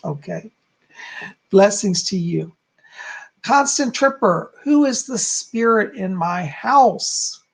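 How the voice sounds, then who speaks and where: A man's voice: high-pitched, animated, slow pace, gravelly, breathy edge. A man giving live psychic readings, chatting as he answers viewers one by one. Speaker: psychic medium.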